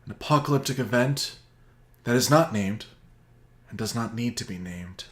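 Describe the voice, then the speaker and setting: A man co-hosting a comedy podcast, telling a story in a mock-grandiose, deadpan way. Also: mid-range voice, normal speed. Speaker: podcast co-host. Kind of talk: casual comedy chat.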